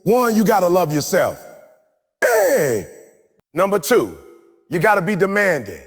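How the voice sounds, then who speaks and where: A man's voice: sits high, big pitch swings, moderate pace. A man giving a live motivational speech to a crowd in a large hall, preaching and leading the audience in call-and-response chants. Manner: forceful, repetitive exhortation. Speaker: motivational speaker. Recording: long hall reverb with faint music.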